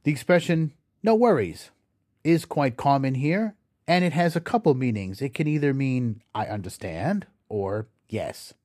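A man hosting an educational podcast, reading a scripted explanation slowly and carefully and spelling words out letter by letter. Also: mid-range voice, darkish tone, no echo, clean studio sound. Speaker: podcast host.

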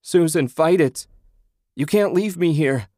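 Brief: a man playing a raw, desperate husband, voice pushed high in grief, dry booth. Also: animated, a little slow, no room sound. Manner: pleading, shouting in despair.

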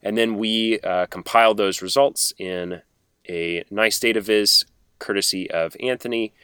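A man with a lowish voice that has a bright, crisp edge talks through his points at length on a podcast. His tone is thoughtful and casual, recorded close and dry. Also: fairly even intonation, measured pace, dry recording. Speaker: guest. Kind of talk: casual explanation.

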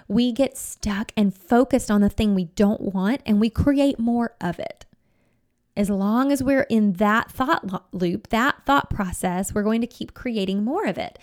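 A woman life coach giving a gentle, conversational self-help talk, often saying "you know" and "like". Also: fairly high pitch, unhurried.

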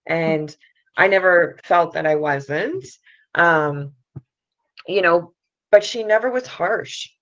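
A woman's voice: lowish voice, slow, pauses often, fairly bright tone. A middle-aged woman, a mother, candidly telling her story as a podcast guest, open and self-critical, often saying "you know". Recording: dull lo-fi sound.

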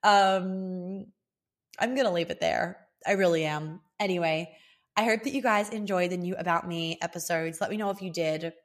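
A young Australian woman whose accent is slipping toward American, talking straight to her viewers in a loose, rambling way. She sounds worn out, sits a little low in pitch, and keeps trailing off and restarting her sentences. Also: a little fast. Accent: Australian, fading toward American. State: tired. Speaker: vlogger. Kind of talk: casual chat to camera.

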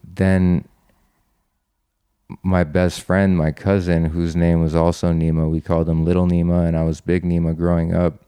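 A man's voice: deep voice, warm tone, clean tone, no room sound, studio quality. A young man guest on a podcast, earnestly reflecting on his past in a personal story, with frequent ums and restarts.

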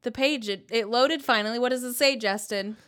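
A woman's voice: on the high side, a bit bright. A woman co-hosting a podcast in a casual chat, teasing and laughing often. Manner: giggly, teasing, quick to laugh. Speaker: podcast co-host.

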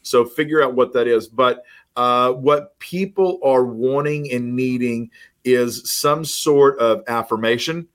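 An animated man talks as a podcast guest and coaches real estate agents. He tells stories and acts out back-and-forth dialogue at a mid-range pitch. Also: slow pace. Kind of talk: casual podcast conversation.

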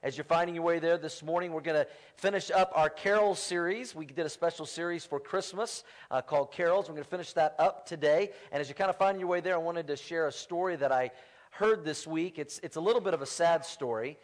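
This is a man leading a church sermon, his voice pitched a little higher than most men's. He talks to the congregation in a loose, conversational way, spinning a funny story before turning to scripture. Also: brisk. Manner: conversational storytelling with playful humor. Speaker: pastor. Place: church sanctuary.

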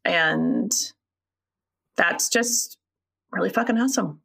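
A woman's voice: fairly low pitch, big pitch swings, slow pace, vocal fry, a bit bright. A woman co-hosting a casual chat, reflective and earnest with some wry teasing. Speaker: co-host.

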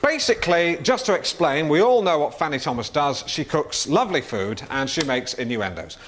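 A man's voice: fairly high pitch, animated, normal speed, a bit bright. An actor playing an awkward, self-important male chat show host who stammers and gets flustered, in 1990s TV sitcom acting. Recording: noisy old TV recording.

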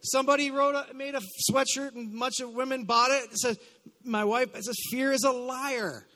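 A man preaching a live sermon as pastor, leading call-and-response declarations with chatty asides and bursts of shouting. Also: extremely high pitch, little pitch movement, a little fast. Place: church sanctuary. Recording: long hall reverb.

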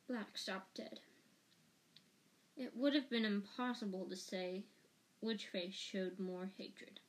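A woman reading a novel aloud as an audiobook narrator, slow and careful, with small restarts. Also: medium pitch. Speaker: audiobook reader.

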